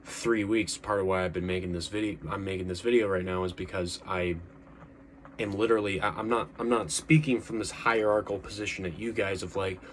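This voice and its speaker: A man's voice: low voice, fairly even intonation, fairly quick, a little hiss or hum. A young man talking earnestly to camera in a casual monologue, rambling with frequent restarts and fillers. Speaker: vlogger.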